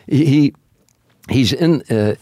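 A man's voice: medium pitch, slow, warm tone, no echo, studio quality. An older man, a comedian, telling a long story in casual conversation, acting out the voices of the people in it. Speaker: comedian guest telling stories.

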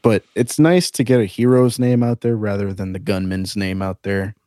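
Low-voiced man chatting earnestly. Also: fairly even intonation, moderate pace, dark tone, no room sound, studio quality. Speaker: podcast co-host. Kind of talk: casual podcast chat.

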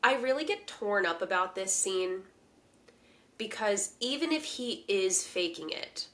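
A young woman in casual chat, narrating plot points with a dreamy, descriptive touch. Her voice sits at a middle pitch for a woman. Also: expressive, unhurried, fairly bright tone. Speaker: podcast co-host. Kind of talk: casual chat recapping a TV episode.

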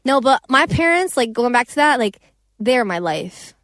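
Young woman, slightly high voice, dry sound; rambling, profane, lively interview chatter. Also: moderate pace, no room sound. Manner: rambling, profane and animated, with many restarts. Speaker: singer and songwriter. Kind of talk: casual interview chat.

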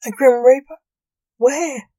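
A woman voicing a jittery male ghost who loves television, jumping up high when startled. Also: fairly even intonation, normal speed, darkish tone, close to an everyday voice.

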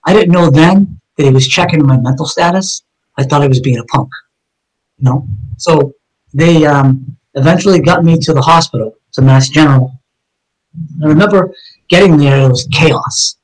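A man's voice: on the high side, moderate pace, rough recording. A man, a police officer, telling his own story in a conversation, blunt and emphatic with heavy cursing.

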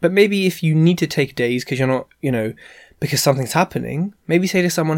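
A man's voice: a little high, expressive, brisk, gravelly, no room sound, clean studio sound. Chatty man giving tips. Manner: chatty, lots of fillers and asides. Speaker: podcast host giving business advice. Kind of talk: casual advice talk.

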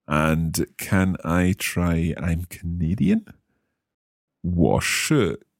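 A man's voice: low voice, expressive, drawn-out words, gravelly, dry recording, studio quality. A man hosting a language lesson, asking questions and carefully repeating new phrases. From Scotland. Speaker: learner host of a language lesson.

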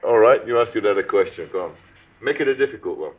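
A man's voice: fairly low pitch, animated, fast, background noise. A man interviewing a guest on stage, asking hesitant questions that often restart. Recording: dull archive recording from a distance.

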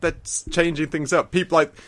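A man co-hosts a podcast in relaxed, casual conversation. He rambles, restarts his sentences often and laughs easily. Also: fairly high pitch, normal speed. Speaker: podcast co-host. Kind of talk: casual chat.

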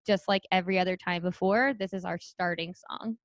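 A young adult woman, a speech therapist co-hosting a podcast, chatting casually and quickly with many "like" fillers. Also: fairly low pitch, fairly even intonation, no echo.

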